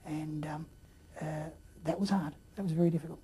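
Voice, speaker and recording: A man telling his story in a rambling way, with many fillers and throat clearing. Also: fairly high pitch, fairly even intonation, fairly quick, dark tone. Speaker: interview guest. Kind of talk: casual storytelling.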